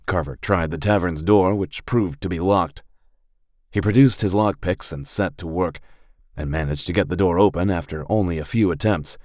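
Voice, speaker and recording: Brief: male audiobook narrator, low voice, dry studio sound, steady reading. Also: dry recording. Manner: steady, even storytelling. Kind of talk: scripted narration.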